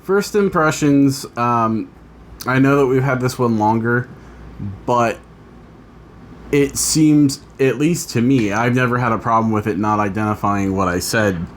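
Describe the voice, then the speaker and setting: A man's voice: medium pitch, measured pace, slight background noise. A man co-hosting a casual tech review, giving agreeable, matter-of-fact opinions. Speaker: co-host.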